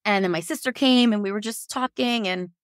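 Woman, 30s, from Virginia, podcast guest; frank, animated storyteller who quotes herself; dry close recording. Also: mid-range voice, a little fast, no room sound. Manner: animated, quotes herself and others, laughs often; frank, swears casually. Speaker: podcast guest telling her birth story. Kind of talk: casual storytelling.

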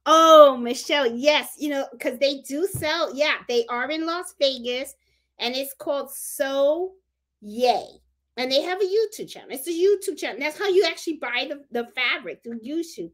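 A woman's voice: high voice, animated, moderate pace, fairly bright tone. A woman with a Puerto Rican accent hosting a casual live stream about sewing, chatting and repeating herself for emphasis. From Puerto Rico. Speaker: crafting channel host.

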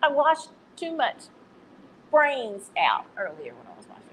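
A woman's voice: high voice, huge pitch swings, unhurried, fairly bright tone, slight background noise, low-quality recording. A woman with a Texan accent hosting a casual live stream, chatty and self-deprecating, laughing at her own slips. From Texas.

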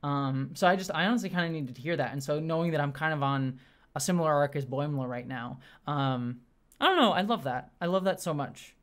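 Fast-talking, gushing review host. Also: mid-range voice, a bit bright. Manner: gushing, fast-talking, many restarts and fillers. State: briefly teary. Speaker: show host reviewing episodes. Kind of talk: casual solo review chat.

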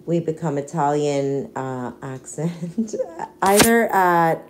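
A woman's voice: sits low, lively intonation, takes it slowly, darkish tone. Hyper woman hosting a morning livestream. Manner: hyper, playful put-on accent. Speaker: livestream host. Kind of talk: casual livestream chat. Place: home.

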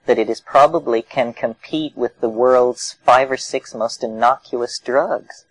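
American man, forties, wry conversational lecturer with a mid-pitched voice, close and dry. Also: unhurried, dry recording, rough recording. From United States. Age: 40s. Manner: wry, conversational storytelling with vivid analogies. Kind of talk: public lecture.

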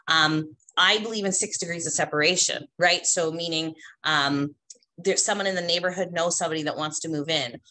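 A woman with a slightly low voice coaches real estate agents. She talks in a chatty, emphatic way and keeps checking in with "right?" after her points. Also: a bit bright, slight background noise. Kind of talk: instructional talk to agents.

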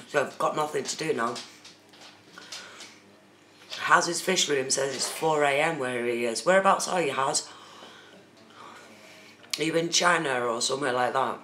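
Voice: mid-range voice, bright, forceful tone. A host chatting casually on a phone live stream, talking to viewers in the chat by name. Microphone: phone camera. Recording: roomy with faint background noise.

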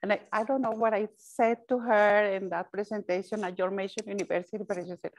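A woman speaks to a room of service providers at a mid-range pitch. Her talk is earnest and halting, full of restarts and repeated words. She drops phrases into her English. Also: fairly even intonation, poor audio. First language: Spanish. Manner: mixes Spanish phrases into English. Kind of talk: panel talk.

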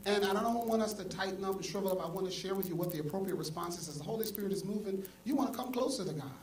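A male pastor preaching a sermon, swinging from soft asides to loud exclamations. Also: high voice, rapid-fire, far from the mic, a little hiss or hum. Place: church sanctuary. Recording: echoey church hall, mic from afar, congregation audible. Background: congregation.

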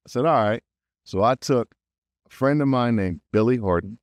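A man chatting as a guest on an interview show, telling stories with plenty of energy. He laughs often and slips into other people's voices when he quotes them. His voice sits at an ordinary pitch, recorded close and dry. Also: moderate pace, dry recording. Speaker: voice actor guest. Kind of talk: casual interview storytelling.

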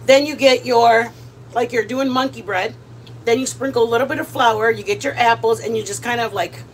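Middle-aged lady cooking on a live stream, high voice, rambly and chatty, bit of hiss behind. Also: fairly bright tone. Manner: chatty, rambling, greets viewers by name. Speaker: livestream cooking host. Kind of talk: casual live cooking chat.

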